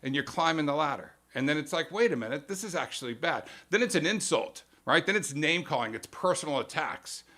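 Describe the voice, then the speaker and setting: A man's voice: on the high side, animated, fairly quick, hardly any pauses, pushed and bright. A man hosting a live stream, explaining media tactics in a casual, emphatic monologue and acting out quotes in mock voices.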